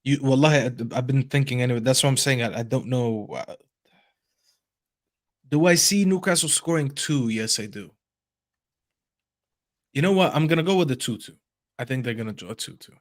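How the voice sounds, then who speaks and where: A man's voice: mid-range voice, normal speed, long pauses, no room sound, clean studio sound. A man co-hosting a casual football podcast, easygoing and thinking aloud. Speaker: co-host, streamer.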